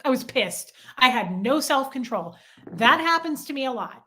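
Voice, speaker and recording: A young woman with a bright, fairly high voice, chatting on a live stream. She talks to her viewers in an animated, self-deprecating way. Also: moderate pace. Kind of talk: casual live-stream chat.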